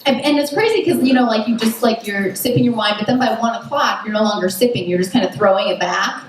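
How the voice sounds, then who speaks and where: A woman's voice: on the high side, fast. Woman doing stand-up in a very echoey room. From United States. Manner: chatty, self-mocking, lots of "like" and "you know what I mean". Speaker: stand-up comedian. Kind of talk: stand-up comedy set. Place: comedy club stage at a festival. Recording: very echoey distant room recording with noise. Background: audience laughter.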